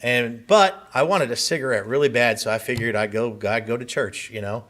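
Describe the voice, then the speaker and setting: A man's voice: medium pitch, moderate pace, a bit bright. A man from Southern California telling his personal story as a conference speaker, with vivid, earnest first-person storytelling. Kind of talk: personal testimony speech. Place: conference hall.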